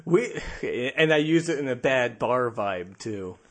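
A man's voice: mid-range voice, expressive, takes it slowly, fairly bright tone. A man hosting a skeptic podcast, chatting casually and joking with laughter. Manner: jokey, laughs often, playful. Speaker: podcast host.

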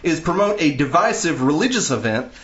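A man putting on a slow, high Southern drawl. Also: sing-song, a bit bright. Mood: mock earnest. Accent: Southern US, put on. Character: man reading a statement in a mock Southern drawl. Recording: dull, echoey podcast audio.

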